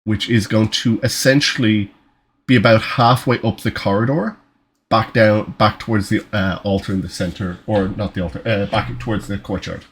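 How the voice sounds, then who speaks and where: A man's voice: on the low side, steady tone, moderate pace, a little hiss or hum. Casual swearing male game master. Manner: casual, swearing, self-interrupting. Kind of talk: narrating a tabletop game.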